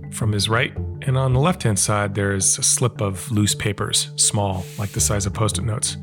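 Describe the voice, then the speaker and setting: A middle-aged man telling a personal travel story in a relaxed, halting way, recounting conversations. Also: fairly low pitch. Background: background music.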